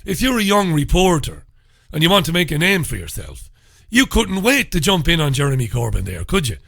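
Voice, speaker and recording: An Irish man in middle age holds forth on his talk radio show, firing off mocking questions in a sarcastic, ranting flow. His voice sits a touch high and rings bright and forceful. The studio sound is close and dry, with no room around it. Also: wildly swooping pitch, brisk, creaky, no room sound. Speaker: radio host. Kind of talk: solo talk radio commentary.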